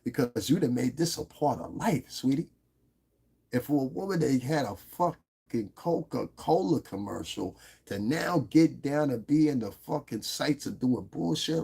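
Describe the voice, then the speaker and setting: Gravelly, husky-voiced man on a livestream. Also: medium pitch, darkish tone. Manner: profane, blunt, talks straight to his chat viewers. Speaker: livestream host. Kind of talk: unscripted livestream chat. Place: lives in Las Vegas.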